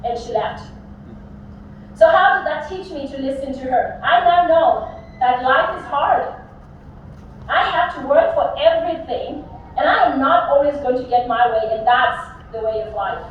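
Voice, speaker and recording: Young woman, high voice, humorous commencement storyteller; distant, muffled hall recording. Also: unhurried, a little hiss or hum. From South Africa. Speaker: commencement speaker. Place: large graduation venue. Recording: echoey hall, distant mic, dull sound.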